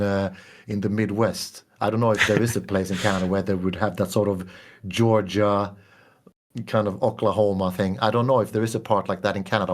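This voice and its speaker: A man from Sweden, chatting enthusiastically as a guest composer in a casual conversation. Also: fairly low pitch. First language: Swedish.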